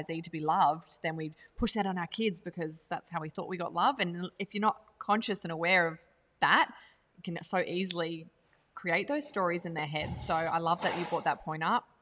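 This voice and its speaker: A woman hosting a podcast, talking fast and animatedly in casual chat. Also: lowish voice, fairly bright tone, big-room sound. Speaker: podcast host.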